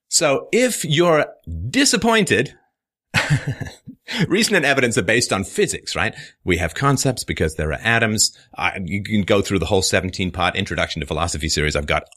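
A man hosts a solo commentary in a lively, forceful voice whose pitch swings widely. He mocks his critics with sarcasm and laughs through his own points. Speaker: host. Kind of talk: monologue commentary responding to a viewer comment.

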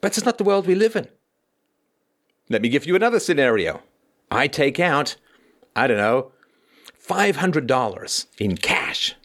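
Animated, sarcastic male livestream host. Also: a little high, measured pace, pauses often. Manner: sarcastic, theatrical, emphatic. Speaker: host and philosopher. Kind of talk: livestream commentary monologue.

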